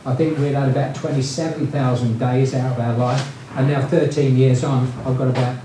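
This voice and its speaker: Speaking at a normal speed with medium pitch and fairly even intonation, a retired founder rambles through business anecdotes, often restarting and using fillers. The room is very echoey, the mic distant, and there's faint noise.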